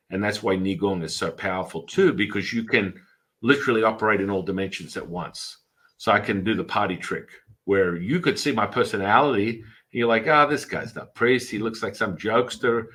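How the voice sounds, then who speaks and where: A man's voice: on the low side, fairly bright tone, poor audio. A man, a Taoist priest hosting a podcast, chatting casually and telling rambling stories with acted-out quotes. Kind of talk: casual storytelling chat.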